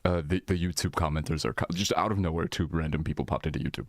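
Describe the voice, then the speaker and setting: A man's voice: a bass voice, steady tone, fast, few pauses, slight background noise. A man live streaming in casual chat, rambling and swearing as he reacts to his viewers' messages.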